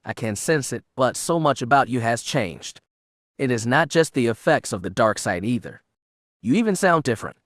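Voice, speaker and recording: An earnest, gentle young man with a mid-range voice, as a male narrator voices him. His nervous manner comes through plainly. The sound is dry and close, with no room around it. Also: mid-range voice, animated, moderate pace, no echo, close to an everyday voice. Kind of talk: audiobook reading.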